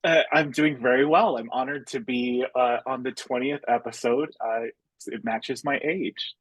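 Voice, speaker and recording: A man's voice: mid-range voice, fairly even intonation, measured pace, breathy edge, no echo, poor audio. A young man, a podcast guest, chatting casually in a friendly, giggly and hesitant way over a video call. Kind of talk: casual chat.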